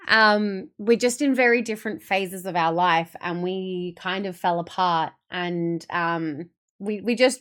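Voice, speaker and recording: A woman's voice: medium pitch, fairly bright tone. A young adult woman streamer chatting casually with her viewers, telling a long, emotional story in a rambling way.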